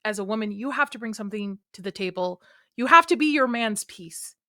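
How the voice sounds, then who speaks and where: A woman guest on a casual panel chat, emphatic and animated. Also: medium pitch, a little fast, dry recording, studio quality.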